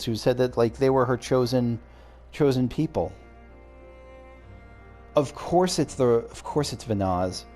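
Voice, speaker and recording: Mellow-voiced man musing through a game. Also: mid-range voice. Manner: rambling, self-correcting asides. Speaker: let's play host. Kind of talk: casual game commentary.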